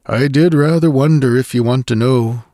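A man's voice: dark tone, no room sound, clean studio sound, close to an everyday voice. A man voicing a grave, uneasy adventurer. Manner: slow, earnest, low and scornful at times. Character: grave, uneasy male canoeing companion, quietly intense.

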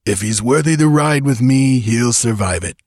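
A man's voice: medium pitch, expressive, moderate pace, a little mellow, dry recording, studio quality, voice pushed up. A man doing a hard, cool outlaw chief. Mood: hard, commanding. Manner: imperturbable, commanding.

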